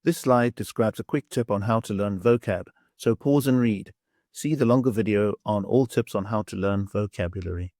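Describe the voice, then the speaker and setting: A man's voice: on the low side, a little mellow, no room sound, clean studio sound. A man with a Greek accent teaching beginner vocabulary, patiently sounding out each word syllable by syllable. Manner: slow, patient, repeats words syllable by syllable. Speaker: language teacher. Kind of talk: slow vocabulary lesson with pronunciation drills.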